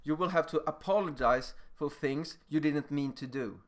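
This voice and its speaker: A young man giving a lecture, telling personal stories in an animated, emphatic way and acting out moments. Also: fairly high pitch, normal speed.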